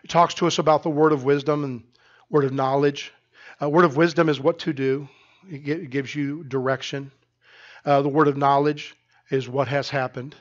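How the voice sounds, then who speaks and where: A male pastor preaching in a church, lively and storytelling, often stumbling over and restarting his words. His voice sits a little high, and the recording sounds dull and lo-fi. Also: moderate pace. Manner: animated storytelling with many restarts. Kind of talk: sermon. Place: church sanctuary.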